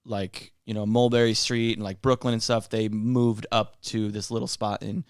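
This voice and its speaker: A man's voice: on the low side, level tone, normal speed, clean tone, no room sound. Young man, from New York state, podcast guest, profane joking stories, dry close sound. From New York state, USA. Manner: profane, jokey storytelling with put-on quotes. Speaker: guest comedian. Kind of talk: casual podcast chat.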